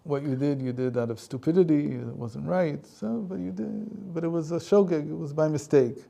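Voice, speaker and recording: A man voicing an old male Rebbe who speaks gently and reassuringly to a student. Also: fairly high pitch, normal speed, gravelly. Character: wise older male Rebbe, calm and forgiving.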